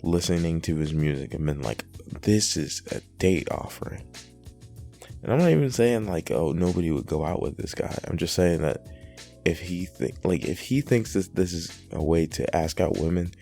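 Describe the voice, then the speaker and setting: A man's voice: deep voice, animated, a little fast, creaky, warm tone, faint music behind. A man hosting reaction commentary, exasperated and rambling with many fillers. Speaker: commentary host.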